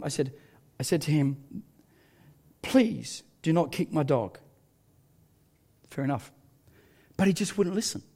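A male pastor, telling a story in a sermon with self-mocking humour and frequent laughter. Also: on the high side.

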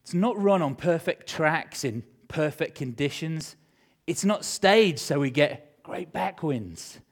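Animated, emotional male preacher. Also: a little high. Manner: animated, emotional storyteller swinging between loud and hushed. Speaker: pastor. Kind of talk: sermon with personal storytelling.

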